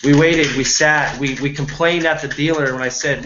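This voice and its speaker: A man's voice: a little high, steady tone, moderate pace, hardly any pauses, muffled recording, background noise. A man giving an earnest, rambling motivational talk about network marketing, often acting out the people he quotes.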